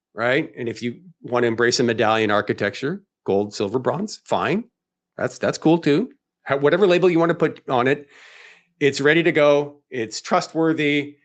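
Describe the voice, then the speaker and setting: A man hosting a live webinar, talking in an emphatic, rhetorical way and firing off questions that he answers himself. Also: a little high. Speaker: webinar host.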